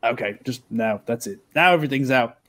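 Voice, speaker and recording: A man playing a tabletop game who tells his story in a rambling, animated way. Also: mid-range voice, fairly quick. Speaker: player.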